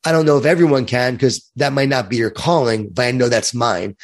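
A man's voice: medium pitch, fairly even intonation, fairly quick. A man from Long Island with a light New York accent, a guest in an interview who speaks in an earnest, upbeat way and repeats words while he thinks. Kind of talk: interview conversation.

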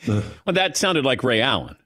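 A man hosting a sports radio show, asking questions in a quick, teasing, curious way. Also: mid-range voice, sing-song, sharp tone. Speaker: radio sports talk host. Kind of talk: casual radio interview. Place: radio studio.

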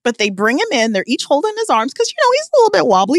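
A woman co-hosting a podcast, telling a comic story with emphatic, animated delivery and frequent laughter. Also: high voice, racing, no room sound, studio quality. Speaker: podcast co-host. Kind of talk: casual comedic storytelling.

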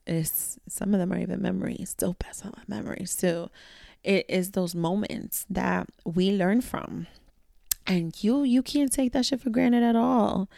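A woman's voice: fairly low pitch, creaky, warm tone, no room sound, studio quality. A woman hosting her own podcast, talking candidly and reflectively in a casual monologue, with slang and swearing. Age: adult, a mother. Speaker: podcast host; mentor to young women.

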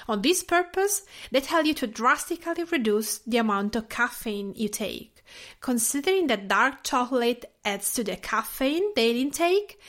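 A woman from Tuscany with an Italian accent, a native Italian speaker, hosting a podcast in gentle, measured scripted narration. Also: fairly high pitch. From Tuscany, Italy. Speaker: podcast host.

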